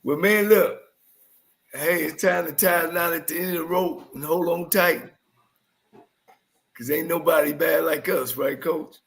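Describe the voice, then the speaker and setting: A man's voice: on the high side, unhurried, vocal fry, pauses often, fairly bright tone. Blunt, outspoken male co-host. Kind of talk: casual sign-off banter.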